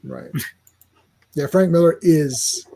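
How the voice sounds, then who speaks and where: A man's voice: fairly high pitch, takes it slowly, vocal fry, mellow, slight background noise. A man hosting a casual comic book podcast, rambling and laughing easily as he walks through the story. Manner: laid-back, rambling, laughs often. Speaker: podcast host.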